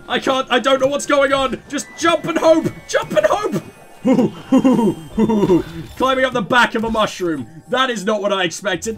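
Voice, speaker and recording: A man hosting a let's play, giving excitable, self-mocking game commentary full of swearing. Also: sits high.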